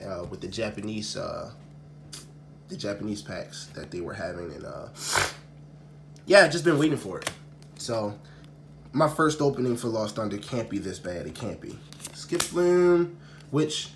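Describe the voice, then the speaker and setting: A man hosting a casual, unscripted video, talking straight to the camera, often sighing and repeating himself in exasperation. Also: mid-range voice. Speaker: card-opening video host. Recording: crinkling packaging noise throughout.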